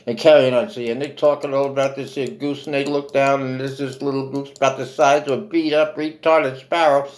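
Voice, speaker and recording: A man telling a holiday story in hip jive slang, lively and dramatic. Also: mid-range voice, fairly quick, few pauses, poor audio.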